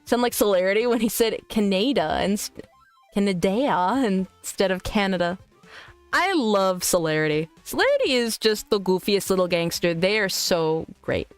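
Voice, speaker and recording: A woman streaming as a VTuber, chatting loosely with her viewers and answering their messages out loud. Her voice is smooth and clean, pitched in a middle range, and she swears freely between jokes and teasing. Faint music plays behind her. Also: big pitch swings, moderate pace. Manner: crude, joking, teasing. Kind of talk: casual live-stream chat, reading viewer messages aloud.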